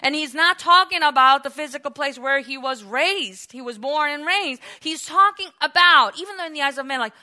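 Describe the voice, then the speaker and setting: High, bright-voiced fervent woman preacher. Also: normal speed, hardly any pauses. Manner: fervent, rising to loud exclamations; asks the listeners questions and answers them. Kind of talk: sermon with scripture reading.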